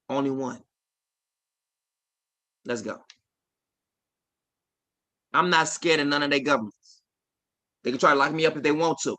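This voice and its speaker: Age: 40s. Sex: man. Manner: forceful, insistent preaching. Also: fairly high pitch. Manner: swings between quiet asides and loud emphatic declarations; repetitive, insistent cadence. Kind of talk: livestreamed preaching.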